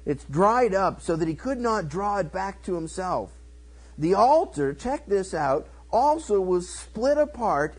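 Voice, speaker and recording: A middle-aged man pastor teaching verse by verse through a Bible book, animated and acting out the characters in quick voices. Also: high voice, poor audio.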